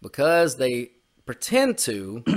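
A man's voice: medium pitch, very animated, drawn-out words, gravelly. A man co-hosting a podcast, ranting on politics in a heated, profane way. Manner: heated, profane, repetitive swearing. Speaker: podcast co-host. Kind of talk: opinionated political rant.

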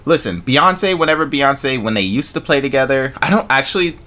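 A man's voice: mid-range voice, expressive, brisk, sharp tone. A man co-hosting a podcast in casual chat, joking provocatively and swearing. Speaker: podcast co-host.

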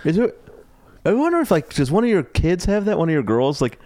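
A man comedian guest chatting casually, jumping in with quick questions. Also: a little high, sing-song, dark tone, no room sound, clean studio sound. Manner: quick interjections, laughs along. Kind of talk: casual chat. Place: home studio, man cave.

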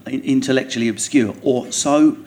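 Essex-accented male comedian, animated, laughing guest talk. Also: medium pitch, normal speed. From England. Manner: animated, laughing, swearing storyteller. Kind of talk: podcast conversation. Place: theatre stage before an audience.

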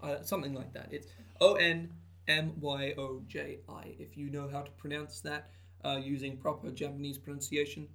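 A man's voice: on the high side, level tone, moderate pace, gravelly, fairly bright tone. A man co-hosting a casual podcast chat, rambling with lots of fillers and restarts. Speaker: podcast co-host. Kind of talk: casual chat about tabletop game content.

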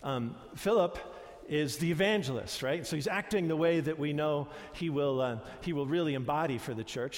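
A man preaching a conversational sermon, retelling scenes with animated voices and many fillers and restarts. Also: on the high side, in a large hall. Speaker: pastor.

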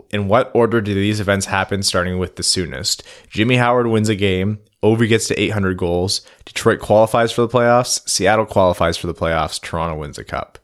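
A man with a very low voice co-hosts a casual sports chat podcast. He reads listener questions aloud in an easygoing, laid-back way. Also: a bit bright. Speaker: podcast co-host.

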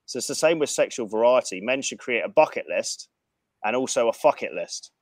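A man telling a profane anecdote in casual chat, animated and frank. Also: medium pitch, a little fast, no echo. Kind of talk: casual storytelling.

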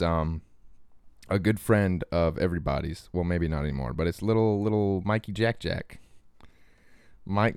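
A man's voice: deep voice, a little mellow, smooth, no room sound, studio quality. A man co-hosting a crude comedy podcast, rambling and profane, often breaking into laughter. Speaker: podcast co-host.

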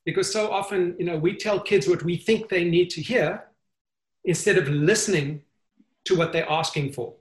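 An earnest man talks as an interview guest, stumbling and restarting as he gathers his thoughts. His voice sits slightly high and carries a roomy echo. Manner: earnest, halting with frequent restarts. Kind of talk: conversational interview.

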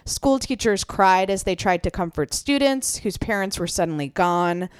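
A woman's voice: mid-range voice, lively intonation, moderate pace, clear, resonant tone, no echo. A woman co-hosting a podcast in casual chat, reading out news items and laughing often with her co-host.

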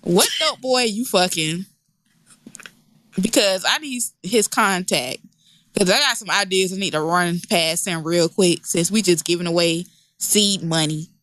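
A woman's voice: lowish voice, moderate pace, a bit bright, no echo. A woman co-hosting a casual podcast, teasing and cursing freely and laughing often. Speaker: podcast co-host.

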